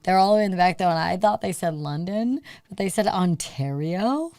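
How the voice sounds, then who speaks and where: Lively young man telling comedy stories. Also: sits high, normal speed. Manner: animated storytelling, swearing, acted quotes. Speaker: podcast host and comedian. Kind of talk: casual boozy chat.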